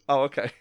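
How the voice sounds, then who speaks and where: A man's voice: darkish tone, no room sound, clean studio sound. A man co-hosting a podcast, telling a story in casual chat, swearing freely and acting out the quotes. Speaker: podcast co-host.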